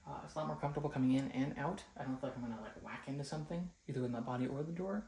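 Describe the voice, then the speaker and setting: Young man, casual home vlogger, rambling and chatty, mid-pitched everyday voice. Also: rapid-fire, vocal fry, dark tone, echoey room. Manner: rambling, chatty, filler-heavy. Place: home, rooms and stairs.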